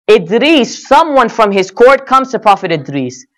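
A man's voice: extremely high pitch, lively intonation, unhurried, few pauses, fairly bright tone. A man giving a religious talk, retelling a story with quoted dialogue, frequent "you know" fillers and recited Arabic verses. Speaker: speaker at an Islamic center.

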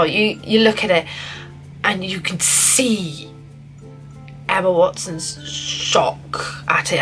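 A young woman vlogging a casual film review, gushing and excitable, often restarting her sentences. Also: fairly low pitch, low-quality recording. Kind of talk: casual spoiler review to camera.

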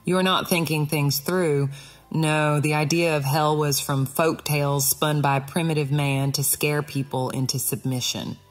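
A woman's voice: sits low, fairly even intonation, a little slow. A woman voicing a sly male death adder in an audiobook, with a sweet, coaxing, sing-song manner. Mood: mocking. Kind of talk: audiobook character voice.

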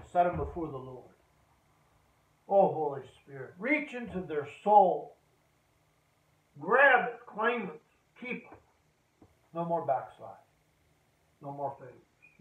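A man preaching in a church with a fervent voice that climbs fairly high when he exhorts. He sounds distant from the mic. It is a thin, phone-like live-stream recording that echoes around the sanctuary. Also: a little hiss or hum. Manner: fervent, rising to loud exhortation. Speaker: pastor. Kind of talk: sermon.

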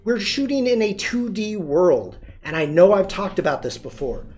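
A man's voice: high voice, sing-song, moderate pace, darkish tone, faint music behind. A man hosting a live-streamed photography tutorial, chatty and demonstrative, greeting viewers and answering chat as he shows poses.

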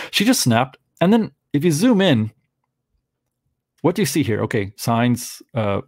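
A man's voice: mid-range voice, darkish tone, no echo, studio quality. A middle-aged man rambling through casual commentary on photographs, searching for words and restarting often. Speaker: vlogger.

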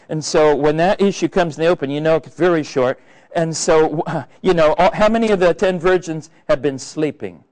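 A man's voice: a little high, a little mellow, rough recording. A male preacher giving a sermon in a conversational, earnest way, with many hesitations and fillers.

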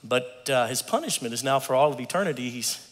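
A man's voice: mid-range voice, lively intonation, a little fast, natural voice. A man preaching voices Jesus in a joke, speaking matter-of-factly as he tours heaven. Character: deadpan male Jesus giving a heavenly tour. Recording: long reverb of a large hall.

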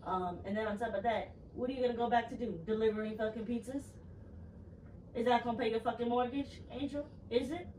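A high-voiced young woman speaks bluntly, swearing and sounding worn out and exasperated. She is recorded from a distance in a roomy space. Faint noise sits behind her. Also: fairly even intonation, a little fast, a little mellow. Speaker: girlfriend. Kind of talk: heated argument.

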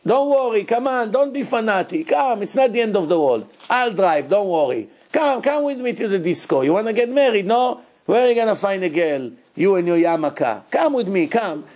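A man's voice: high voice, expressive, normal speed, hardly any pauses, a little mellow. A man, a rabbi, voicing a pushy male tempter who coaxes a friend insistently. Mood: coaxing. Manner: coaxing, insistent.

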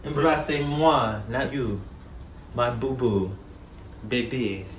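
A man's voice: mid-range voice, lively intonation, normal speed, fairly bright tone, reverberant, a little hiss or hum. A young man vlogging his cooking at home, playful and chatty, talking straight to his viewers and laughing often. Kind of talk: casual cooking vlog. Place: home kitchen.

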